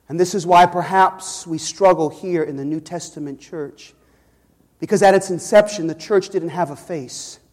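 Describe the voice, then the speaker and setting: A man's voice: fairly high pitch, a little mellow. A man from Chicago preaching a sermon as pastor, building emphasis and calling out to the congregation. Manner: preaching with rising emphasis and audience call-outs. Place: church sanctuary. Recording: long reverb in a church hall.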